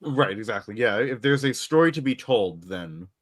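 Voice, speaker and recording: A man co-hosting a casual podcast, telling rambling deadpan jokes. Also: medium pitch, normal speed, no echo, clean studio sound. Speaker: podcast co-host. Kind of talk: casual chat.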